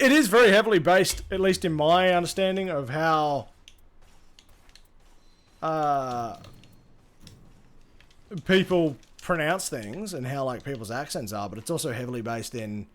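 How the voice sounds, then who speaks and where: A man's voice: a little high, a little slow, long pauses. Australian man chatting on a game stream. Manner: rambling, swears freely, answers chat while playing. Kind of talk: casual gaming livestream chat.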